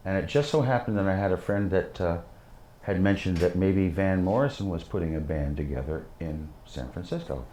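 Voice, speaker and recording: A man's voice: low voice, expressive, a little fast, mellow, slight background noise. An older man, a guest musician, tells rambling stories full of fillers in an interview on a living-room studio set. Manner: rambling, anecdotal with many fillers. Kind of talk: storytelling interview. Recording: roomy studio sound.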